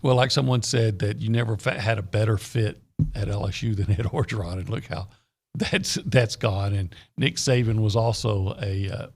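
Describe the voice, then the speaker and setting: Gravelly, husky-voiced male sports talker. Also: lowish voice, moderate pace, a little mellow. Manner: opinionated, blunt. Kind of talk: casual sports radio talk.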